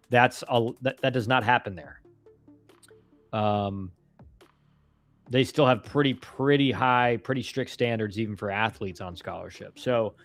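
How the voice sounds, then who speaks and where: A man hosting a casual live stream and answering viewer questions. He talks in a laid-back, rambling way with slang and many restarts. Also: fairly low pitch. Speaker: live-stream host, former college ballplayer.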